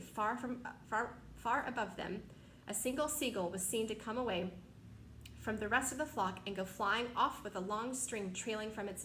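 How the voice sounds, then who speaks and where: Woman reading a storybook aloud. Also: fairly high pitch. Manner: steady, expressive storytelling. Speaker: reader. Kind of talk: reading a children's novel aloud. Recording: echoey room, faint noise.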